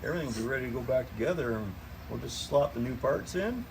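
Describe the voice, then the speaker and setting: Folksy mechanic talking through an engine job. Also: male voice, medium pitch, expressive, fast, gravelly, crowd noise. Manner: easygoing, folksy, explaining as he works. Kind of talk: casual shop talk to camera. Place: garage workshop.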